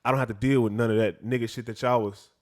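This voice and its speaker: Animated man in casual chat. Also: quick pace. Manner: animated, laughing, pitch jumps when imitating others. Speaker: podcast co-host.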